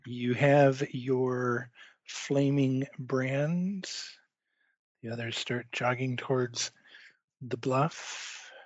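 A man acts as game master for a tabletop horror game, narrating scenes calmly and at length. His voice comes over a dull, lo-fi online call, and the sound is dry and close. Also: medium pitch, dry recording. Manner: calm, drawn-out descriptive narration.

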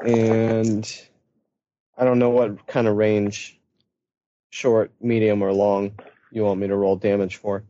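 A man's voice: on the low side, flat delivery, slow pace, pauses often, mellow, no room sound. A man playing in a tabletop game, talking casually and thinking aloud about his next move. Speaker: player. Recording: lo-fi voice chat with faint noise.

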